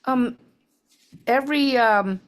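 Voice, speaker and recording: A woman's voice: fairly high pitch, slow. A woman in a study class, offering an observation hesitantly and carefully. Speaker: class participant.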